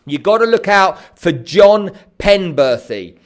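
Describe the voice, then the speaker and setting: An energetic man, hosting a live stream to viewers and often checking in with "okay?". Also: sits high, slow pace. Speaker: host.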